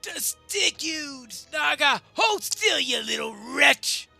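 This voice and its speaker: A man's voice: very high voice, expressive, takes it slowly, gravelly, pushed and bright, soft background music, pitched above the performer's own voice, exaggerated voice. A man voicing a brutal male orc captain who bellows threats down a tower. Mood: furious.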